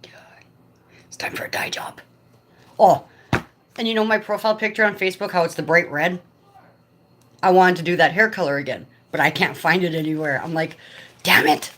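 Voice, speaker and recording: A chatty woman with a slightly low voice hosts a casual home livestream. She greets her viewers by name with bubbly excitement. Her phone sits propped up in front of her. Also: normal speed, pauses often, slight background noise. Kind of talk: casual live chat.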